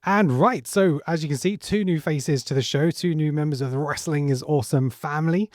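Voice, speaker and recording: A man's voice: a little high, fairly quick, a little mellow, no room sound, studio quality. A middle-aged man hosting a podcast, introducing guests in a friendly, easygoing way. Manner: friendly, laughs often. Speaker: podcast host. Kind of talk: casual chat.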